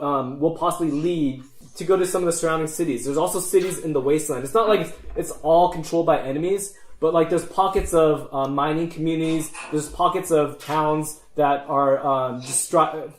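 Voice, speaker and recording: A man narrating as game master of a tabletop game, halting and full of fillers and restarts. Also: fairly high pitch, steady tone. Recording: echoey room.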